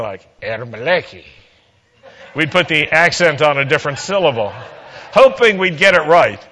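A man's voice: on the high side, pushed and bright. A man preaching a sermon, telling a humorous personal story and acting out the dialogue with playful energy.

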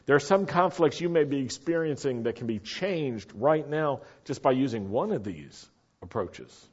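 A man preaching a sermon to a congregation, speaking in an animated way and sometimes rising to shouts for emphasis. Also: medium pitch, slightly rough. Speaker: pastor. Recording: dull, lo-fi sermon recording.

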